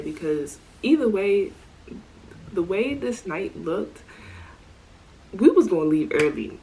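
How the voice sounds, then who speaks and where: A woman telling a storytime vlog in a casual, animated way, full of slang and asides. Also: mid-range voice, a little slow, long pauses, a little hiss or hum, low-quality recording. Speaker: storytime vlogger.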